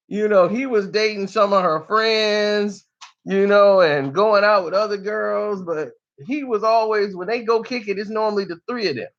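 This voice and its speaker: A man's voice: high-pitched, a bit bright, muffled recording. A man telling a story in casual street slang, loose and chatty, often tossing in "you know".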